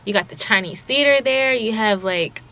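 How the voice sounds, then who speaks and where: A young woman chatting casually as a vlogger, excitable and chatty, with lots of fillers. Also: fairly high pitch, normal speed, slight background noise, rough recording. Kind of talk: casual vlog chat. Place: home in Los Angeles.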